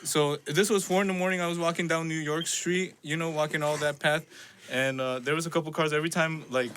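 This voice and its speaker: A young man with a somewhat high, bright voice recounts his story haltingly, stopping to search for street names. A faint hiss runs under his voice. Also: steady tone. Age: young adult. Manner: hesitant, rambling storyteller with fillers. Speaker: podcast guest. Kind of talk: casual chat.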